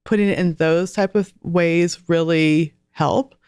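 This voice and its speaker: A woman in her forties talks earnestly and chattily as a podcast guest, laughing lightly now and then. Her voice sits low and sounds smooth and clear. The sound is dry and close. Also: fairly even intonation, a little slow, darkish tone, no echo. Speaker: guest author and homeschool mom. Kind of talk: casual podcast interview.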